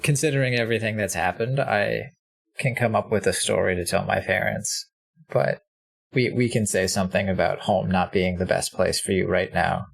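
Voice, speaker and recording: Man, tabletop player, gravelly, low, deadpan. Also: normal speed. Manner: deadpan, describing his character. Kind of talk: tabletop role-play, in and out of character.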